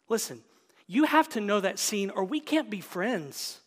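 A man preaching a sermon as pastor, dropping often into a hushed, whispered emphasis. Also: high voice, very animated, a little slow, long reverb tail.

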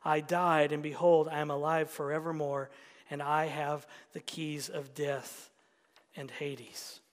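Slow-preaching pastor in reverberant church. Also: male voice, a little high, level tone. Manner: slow, swings from hushed whispers to loud emphatic preaching. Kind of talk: sermon.

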